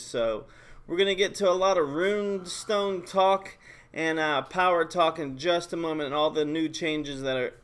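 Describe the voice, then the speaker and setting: High-voiced, excitable male stream host. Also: clean tone. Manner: excitable, joking, quick bursts of hype. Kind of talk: casual game commentary.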